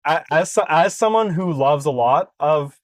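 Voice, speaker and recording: A man's voice: on the high side, lively intonation, moderate pace, no echo. A man co-hosting a casual movie podcast, telling long stories with lots of restarts and fillers. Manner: chatty, restarts and fillers, tells stories at length. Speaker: podcast co-host.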